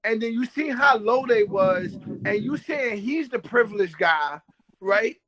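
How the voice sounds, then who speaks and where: Very high-voiced man pressing questions. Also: animated, measured pace, fairly bright tone, rough recording. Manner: questioning, interjects with "like" and "time out". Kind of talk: casual debate.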